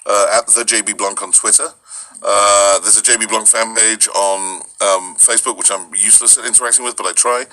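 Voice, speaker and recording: A male voice actor as a guest in a casual interview, explaining things in a relaxed way. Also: on the low side, fairly quick, rough recording.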